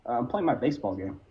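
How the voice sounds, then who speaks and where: A man's voice: mid-range voice, slight background noise. A man calling into a live stream debate, distracted and apologetic, swearing casually as he talks. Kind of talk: casual argumentative chat. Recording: dull lo-fi call audio.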